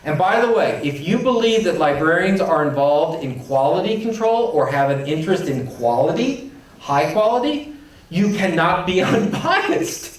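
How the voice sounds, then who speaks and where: High-voiced man speaking in an echoey hall. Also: big pitch swings, moderate pace. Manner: emphatic, playful, acts out quoted voices. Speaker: conference keynote speaker. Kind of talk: animated conference talk. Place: large conference hall. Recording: echoey hall, distant mic.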